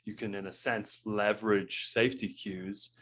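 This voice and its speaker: A man hosting an interview, speaking in a soft, reflective conversational way. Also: on the low side, steady tone, moderate pace, slight background noise. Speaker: podcast host.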